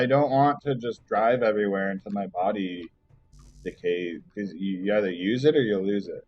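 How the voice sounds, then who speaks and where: A man's voice: lowish voice, moderate pace, a little mellow, slightly rough. A young man streaming a game, telling a rambling personal story full of fillers and swearing. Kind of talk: casual rambling story while gaming. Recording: dull lo-fi mic, faint game music.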